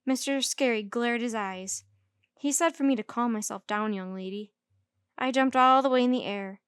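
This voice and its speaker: A woman storyteller reading a children's book aloud in lively first-person narration. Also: fairly high pitch, moderate pace, smooth, no echo. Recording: dry close recording.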